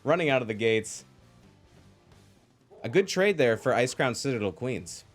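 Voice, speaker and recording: A man casting a live esports match with energetic play-by-play, calling out fights and thanking viewers. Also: mid-range voice, a little slow, faint music behind. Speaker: esports caster.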